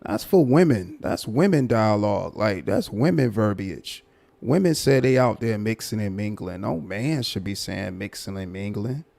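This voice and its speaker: A man's voice: lowish voice, lively intonation, moderate pace, gravelly, darkish tone. A man hosting a livestream, giving blunt, repetitive commentary on a guest. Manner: repetitive, emphatic, judging. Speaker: livestream host.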